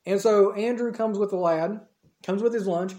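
A man's voice: high voice, normal speed, warm tone. A man preaching a storytelling sermon in a casual, conversational way. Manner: conversational, acts out dialogue in the retelling. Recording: roomy echo.

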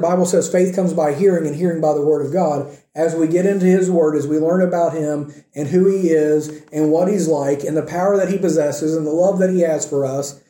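A man's voice: a little high, dark tone. A man preaching a conversational sermon in a church, checking in with the congregation as he goes. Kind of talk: conversational sermon with scripture reading. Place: church sanctuary. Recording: echoey room sound.

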